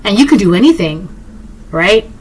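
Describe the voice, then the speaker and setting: A woman's voice: mid-range voice, expressive, moderate pace, husky, low-quality recording. A woman giving a collective tarot reading, blunt and emphatic, repeating herself and talking straight to the viewer. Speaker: tarot reader.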